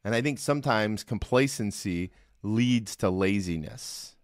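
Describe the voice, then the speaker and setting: A lower-voiced middle-aged man takes his time hosting a solo Christian devotional podcast, recorded cleanly in a studio without room sound. His manner is earnest and conversational, with frequent check-ins with the listener.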